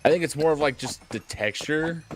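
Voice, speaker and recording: A man's voice: on the high side, moderate pace, music in the background. A man on a call with a streamer, chatting casually during a game, blunt and swearing. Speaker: co-player on call. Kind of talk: casual gaming stream chat.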